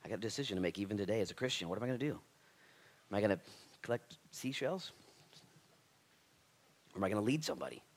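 A man preaching a sermon as pastor, impassioned and casual, swinging from loud emphatic lines to hushed near-whispers. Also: fairly low pitch, animated, fast, long pauses. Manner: casual slangy address, says "dude" and "man".

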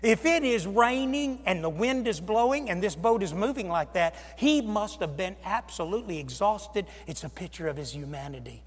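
A male pastor preaching a sermon, with dramatic swings from loud exclamations to hushed near-whispers. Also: high-pitched, expressive, normal speed, hardly any pauses, breathy edge. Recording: long reverb of a large hall.

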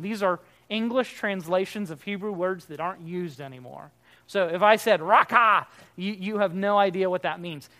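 A pastor with a medium-pitched, fairly bright voice gives a conversational sermon. He asks the listeners rhetorical questions and acts out people's remarks in character.

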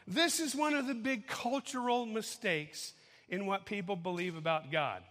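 A man's voice: high-pitched, moderate pace, a bit bright, big-room sound. A man preaching a sermon in a conversational way, often checking that his listeners follow him. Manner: conversational preaching, asks audience to follow along. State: out of breath after dancing. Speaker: pastor.

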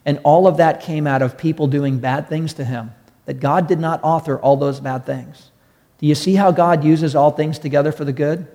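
A man's voice: a little high, steady tone, moderate pace, warm tone. A man preaching a sermon to a congregation, earnest and storytelling, repeating key phrases for emphasis. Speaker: pastor. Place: church hall with audience. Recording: long hall reverb.

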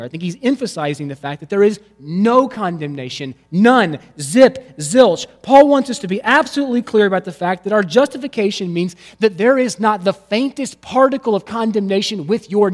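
A pastor with a high-pitched voice preaches from the pulpit, his words ringing out in the long reverb of a large hall. His dynamic delivery swings from forceful emphasis down to near-whispered lows.

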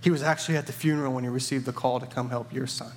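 A man voicing a tearful female nurse in a soft, earnest way. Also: mid-range voice, fairly even intonation, rapid-fire, a little hiss or hum, lightly acted. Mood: sad.

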